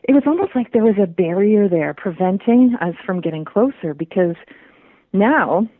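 Woman guest on a phone line, animated storyteller. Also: medium pitch, normal speed, no room sound. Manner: animated, laughs often, repeats words. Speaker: guest telling a personal story. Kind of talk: casual storytelling. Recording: tinny dry phone line.

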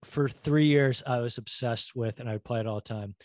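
A middle-aged man co-hosting a podcast in casual chat, telling stories in a rambling, animated way and acting out quotes. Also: mid-range voice, brisk, no room sound. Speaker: podcast co-host.

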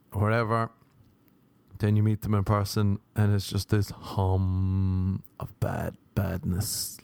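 A man's voice: a little mellow, clear, resonant tone, no room sound. Rambling, profane Irish man. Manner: rambling, profane, self-mocking, with sudden jumps in pitch. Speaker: podcast host. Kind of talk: solo comedic monologue. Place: Los Angeles.

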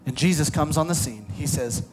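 A man preaching a sermon with passion, climbing to fervent shouts and then dropping to a hushed, prayerful tone. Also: fairly high pitch, brisk, soft background music. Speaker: pastor. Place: church service streamed online.

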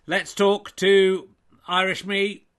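A man's voice: high-pitched, level tone, slow pace, a bit bright, smooth. A man hosting and giving a playful, self-mocking mock sports commentary.

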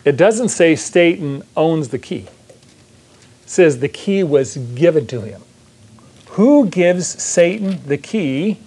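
A man preaching a sermon with a slightly raised pitch. He teaches verse by verse, leans on emphatic repetition and keeps asking his listeners "right?". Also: a little mellow. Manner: emphatic, repeats phrases, asks the audience "right?".

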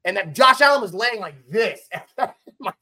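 A man co-hosting a casual sports podcast, talking fast and emphatic as he runs through game stats. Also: high voice, expressive, pushed and bright. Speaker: podcast co-host.

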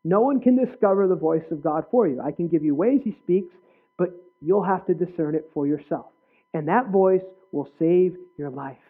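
High-voiced male preacher, tinny sound. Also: normal speed, slightly rough. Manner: earnest, testimonial, with sudden loud bursts. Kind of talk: sermon.

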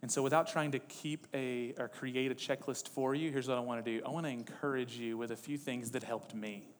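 Male pastor, mid-pitch, sermon with building intensity; long church reverb. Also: fairly even intonation, brisk, slight background noise. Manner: reads quotes with rising intensity, conversational asides.

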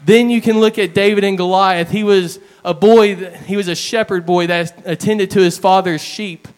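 A man delivers a sermon in a fairly high, smooth and clear voice. He tells his stories in an earnest, plain way, sometimes slowing down for weight. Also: steady tone. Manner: earnest storytelling with plain retellings. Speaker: preacher.

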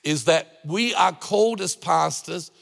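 A man's voice: on the high side, measured pace, creaky, in a large hall. A middle-aged man preaching a sermon as pastor, talking in a conversational way with jokes and anecdotes.

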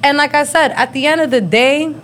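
A woman's voice: high voice, brisk, fairly bright tone. A woman in her thirties hosting a live podcast show, talking bluntly and profanely with frequent laughter. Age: 30s. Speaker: podcast host. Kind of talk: casual live-show chat.

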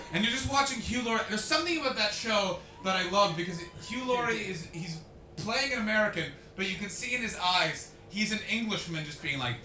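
A young man doing stand-up as a comedian and podcast host, brash and profane, working the crowd with sudden shouted bursts. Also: high voice. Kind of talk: live stand-up crowd work. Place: live comedy venue with an audience. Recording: roomy, distant live recording with noise.

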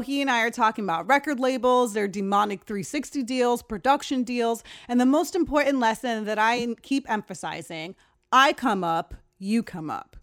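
Young woman host, casual podcast-style storytelling, frank and animated, slightly high voice. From Long Island, New York. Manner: candid, profane, animated retelling with quoted voices.

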